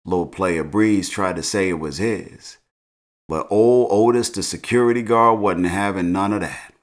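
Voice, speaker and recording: A man's voice: sits low, measured pace. A middle-aged man casually recapping a TV episode in slangy, laid-back talk, laughing at his own jokes. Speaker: show recap host.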